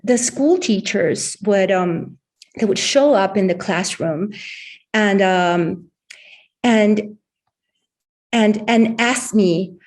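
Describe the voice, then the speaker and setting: A woman's voice: mid-range voice, slow pace, pauses often, darkish tone. Thoughtful woman answering an interview. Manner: thoughtful, with many fillers and repeated words. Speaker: workshop founder answering questions.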